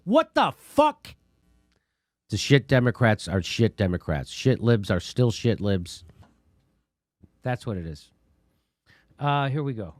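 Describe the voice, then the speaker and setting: A man's voice: lowish voice, animated, a little slow, long pauses, a little mellow, dry recording. A man hosting a political comedy commentary show, ranting with heavy profanity and laughing often. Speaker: show host.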